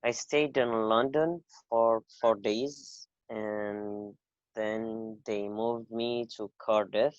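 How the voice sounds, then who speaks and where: A man from Saudi Arabia speaks very slowly and deliberately. His voice comes through dull, dry, lo-fi remote audio with no room sound. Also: on the low side, steady tone, smooth, no echo. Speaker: panel guest. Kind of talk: recounting personal experience.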